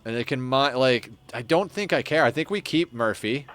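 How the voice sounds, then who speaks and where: A man's voice: medium pitch, expressive, moderate pace, fairly bright tone, soft background music. A man casually commenting on his game as he plays, chatting with viewers and thinking aloud. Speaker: streamer.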